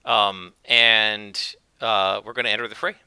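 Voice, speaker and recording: A man's voice: lowish voice, steady tone, unhurried, bright, forceful tone, clear, resonant tone, no room sound. A man narrating his solo tabletop game, thinking aloud and explaining dice rolls with frequent fillers and corrections. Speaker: game master and solo player.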